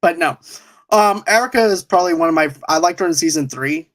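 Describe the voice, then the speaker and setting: A man's voice: a little high, a little fast, fairly bright tone. A man hosting a podcast in casual chat, rambling and restarting his sentences with frequent chuckles. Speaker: podcast host.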